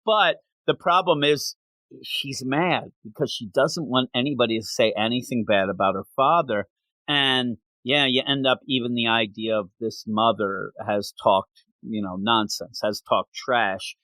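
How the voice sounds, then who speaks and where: A man's voice: medium pitch, measured pace, bright, forceful tone, no room sound. A man co-hosting a manga review podcast, retelling the story in casual chat and acting out the characters' lines.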